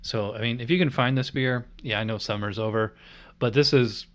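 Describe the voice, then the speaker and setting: Man, average pitch, relaxed chat, rambling, filler-heavy, reviewer host. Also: normal speed. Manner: rambling, many fillers like "like" and "you know"; easygoing, thinking aloud.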